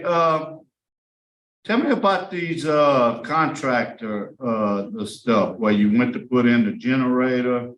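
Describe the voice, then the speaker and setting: Board member, probing, echoey room with faint hiss. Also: male voice, medium pitch, muffled recording. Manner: plain-spoken, probing, many fillers. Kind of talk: interviewing at a hearing. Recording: roomy hearing room with faint noise.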